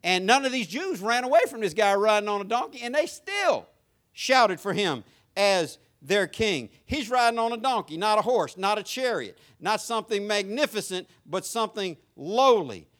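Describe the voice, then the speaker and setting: An older pastor with a Southern US accent preaches in a sing-song way at normal speed. He swells into shouted climaxes, then drops to quiet, conversational asides.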